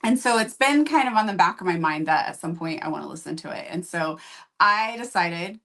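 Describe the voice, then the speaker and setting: Chatty woman reviewing books, low voice. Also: lively intonation, fairly quick, vocal fry, a bit bright. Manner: chatty, rambling, candid. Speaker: book review host. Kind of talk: casual chat.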